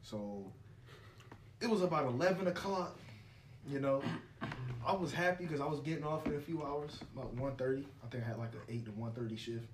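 A young man in casual chat, telling a work story in a relaxed way with frequent "you know"s. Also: medium pitch, brisk, distant mic. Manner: relaxed, easygoing, says "you know" often. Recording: echoey room, voice off-mic, noisy.

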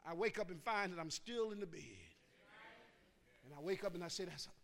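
Male preacher, call-and-response sermon, church, very high pitch, rhythmic repetition, hushed then shouting. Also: a little fast. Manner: swings from hushed asides to shouted emphasis; rhythmic, repeats phrases and urges the crowd to answer.

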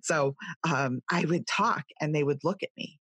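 Husky, low-pitched chatty woman. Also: normal speed, fairly bright tone, no echo. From California. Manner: chatty storyteller, mimics voices. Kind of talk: casual chat.

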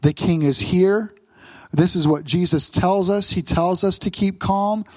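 A man preaching as a pastor, fervent and repetitive, swinging from urgent raised pleading to low hushed prayer. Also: measured pace, no room sound. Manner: repeats phrases, stumbles and restarts. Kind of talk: sermon and closing prayer.

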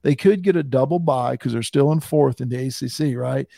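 A man hosting a casual sports talk podcast, chatty and quick to laugh. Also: medium pitch, vocal fry, warm tone, no echo, studio quality. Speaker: podcast host.

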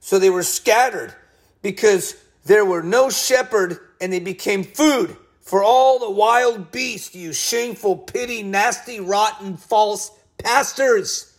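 An upset male pastor in full sermon, his voice sitting high for a man. He scolds and hammers each point, jumping between quiet asides and loud, heated outbursts. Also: measured pace. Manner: heated, scolding, emphatic preaching with sudden swings of loudness. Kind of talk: fiery sermon.

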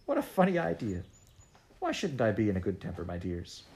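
A man reading aloud and voicing a sour, bad-tempered grown woman in a storybook, with a high, scolding put-on voice. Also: sing-song, fast talker, a little mellow. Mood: gushing kind. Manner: shrill, scolding, then gushing. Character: bad-tempered middle-aged woman turned kindly.

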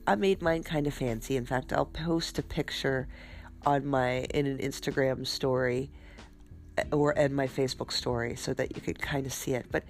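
A woman hosting a podcast, talking casually about spiritual self-care while a little stuffed up, in a relaxed, chatty way. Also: extremely low pitch, moderate pace. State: stuffed up, congested. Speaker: podcast host.

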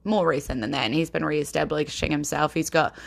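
Gravelly-voiced New Zealand woman podcaster. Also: deep voice, steady tone. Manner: chatty and rambling, quick to laugh. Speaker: podcast host. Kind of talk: casual chat.

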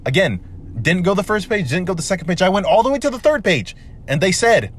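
Excitable rambling young man. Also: high voice, fairly quick, a little hiss or hum. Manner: excitable, profane, rambling with many restarts. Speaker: podcast host. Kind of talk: casual solo podcast monologue.

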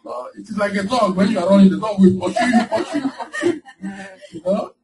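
Animated preacher man, distant mic. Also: high voice, fast, creaky, a crowd in the background. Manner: animated, laughing, acting out quoted voices. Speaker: pastor. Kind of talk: sermon. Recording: distant mic with faint background noise.

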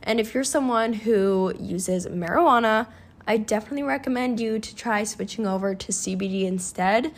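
Young woman, vlogger, casual talk to camera, chatty, candid, mid-pitched voice. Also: moderate pace.

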